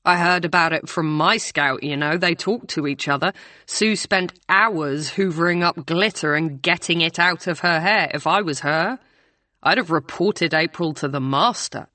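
A woman's voice: fairly low pitch, normal speed, pushed and bright, no room sound. A woman narrator voicing a furious, scornful young woman student in an audiobook. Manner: scornful, emphatic.

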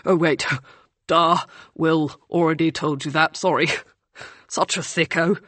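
Woman reading a flustered awkward student guy, apologetic, slow, dry sound. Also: fairly high pitch, steady tone, sharp tone, no echo. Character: awkward, self-deprecating young man student.

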